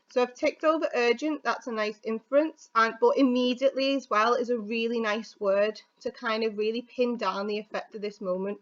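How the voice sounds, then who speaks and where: In slightly dull, lo-fi audio, a UK English teacher works through an exam answer for a casual video lesson, chatting and thinking aloud with fillers. Her voice is a little high and a bit bright, with a steady tone, normal speed and few pauses.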